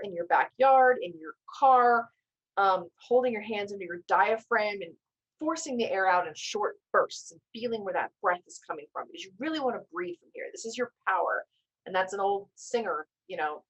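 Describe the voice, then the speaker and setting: Woman, storytelling teacher on a video call, lowish voice, gently reassuring, conversational. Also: poor audio. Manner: warm-hearted coaching tone, gentle reassurances, self-corrections. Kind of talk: live online class, instructive and conversational.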